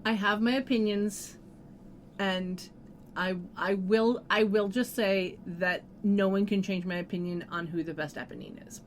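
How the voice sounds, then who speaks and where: A woman's voice: mid-range voice, fairly even intonation, unhurried, a little hiss or hum. A woman co-hosting a podcast in casual chat, agreeable and chatty, dropping in researched facts. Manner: agreeable, chatty, fact-sharing. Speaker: podcast co-host.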